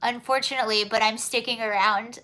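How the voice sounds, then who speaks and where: A woman's voice: a little high, steady tone, fairly quick, pushed and bright. A woman hosting a casual livestream, chatting, reading viewer comments aloud and answering them with giggles and apologies. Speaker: livestream host.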